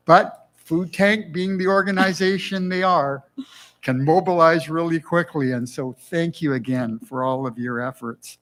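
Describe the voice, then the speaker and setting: A university dean giving formal welcome remarks on a conference stage, speaking through a sore mouth after dental surgery, warm with light humor. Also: male voice, on the high side, unhurried, poor audio.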